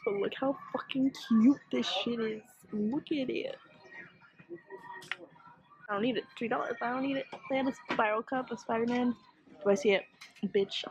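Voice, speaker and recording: A young woman vlogging casually, excitable and swearing a lot as she rants quickly. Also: mid-range voice, creaky. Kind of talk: casual vlog chat. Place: in a parked car in Texas heat.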